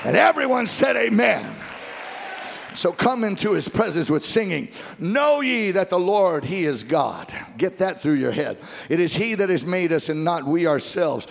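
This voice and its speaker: A male pastor preaching a sermon at a church service, calling out for the congregation to repeat after him and building to fervent shouting. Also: fairly high pitch, expressive, moderate pace, gravelly, big-room sound, a faint crowd. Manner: exhorting call-and-response with the congregation.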